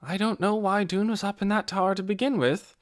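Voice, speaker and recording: A man's voice: sits high, fairly even intonation, a little fast, no room sound, studio quality, pitched above the performer's own voice, natural voice. A man narrating an audiobook voices a plain-spoken older woman who talks bluntly. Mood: matter-of-fact.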